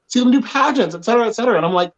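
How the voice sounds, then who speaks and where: Guy host with a high lively voice, talks emphatic and opinionated, bit muffled audio. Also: racing. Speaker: podcast host. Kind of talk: casual group chat.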